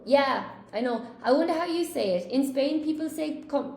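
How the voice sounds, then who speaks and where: A woman's voice: fairly high pitch, animated, brisk, few pauses, darkish tone. A woman teaching an English lesson on a live stream, chatting with viewers and answering their questions as she goes. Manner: chatty, reads chat questions aloud, laughs at own slips. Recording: echoey room, faint noise.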